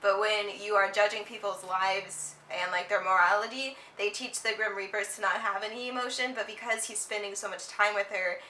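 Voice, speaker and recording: A young woman co-hosting a casual chat, retelling a story in a relaxed way with giggles and fillers. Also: mid-range voice, moderate pace, hardly any pauses, a little hiss or hum. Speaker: co-host. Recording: echoey room.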